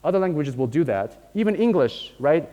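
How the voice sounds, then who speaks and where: His voice is a little high and mellow, swinging widely in pitch at a moderate pace. The man is delivering an academic lecture in a lecture hall with long reverb, building explanations step by step and checking in often with "right?"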